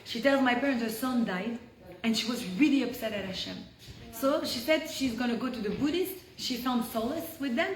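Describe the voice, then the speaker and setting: Woman from France, higher voice, lively storyteller who acts out her characters, recorded in an echoey room with faint hiss. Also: normal speed. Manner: lively, acts out quoted voices, frequent "like" fillers. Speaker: storyteller guest. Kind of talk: animated personal storytelling.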